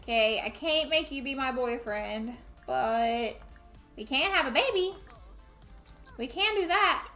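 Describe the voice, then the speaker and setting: A woman's voice: sits high, animated, measured pace, pushed and bright, echoey room, faint music behind. A woman playing a life simulation game, chatting playfully and scolding her characters. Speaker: gamer streaming a life sim. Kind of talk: casual let's play commentary.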